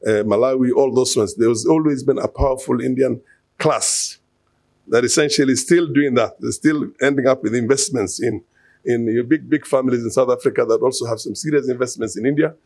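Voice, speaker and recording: A man's voice: mid-range voice, fairly quick, darkish tone, no echo. A man giving an unscripted conference talk, hesitant, with many fillers and restarts, asking the audience rhetorical questions. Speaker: conference speaker.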